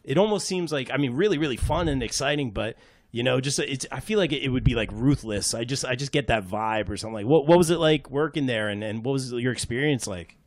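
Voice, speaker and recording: A man hosting a podcast panel in an easygoing, chatty way, leaning on fillers and friendly asides. His pitch sits in the middle. The sound is dry and close. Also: quick pace, no room sound. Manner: easygoing, lots of fillers like "you know" and "man". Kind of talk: casual panel chat.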